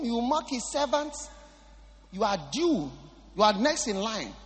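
A man's voice: very high voice, big pitch swings, a little slow, fairly bright tone, big-room sound. A man preaching a sermon, emphatic and repeating his phrases for stress.

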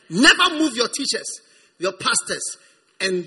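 A man preaching a sermon with emphasis, repeating words and swinging from hushed reading to shouted lines. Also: high-pitched, big pitch swings, normal speed, slightly rough. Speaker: pastor.

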